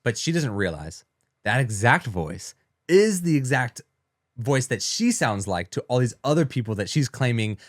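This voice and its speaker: A man's voice: medium pitch, big pitch swings, moderate pace, no echo, studio quality. A man co-hosting a casual commentary show who laughs often and backs up the host.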